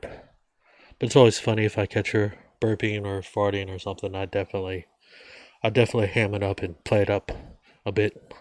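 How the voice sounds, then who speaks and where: Man, rambling folksy vlog talk, lowish voice, dry close mic. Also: level tone, a little fast, a little mellow, no room sound. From United States. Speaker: vlogger. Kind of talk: casual beer-drinking monologue.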